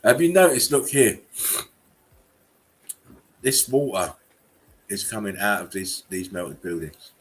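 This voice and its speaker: A man hosting a casual live-stream chat, often bursting into high laughter. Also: expressive, takes it slowly, long pauses, slightly rough. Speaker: channel host.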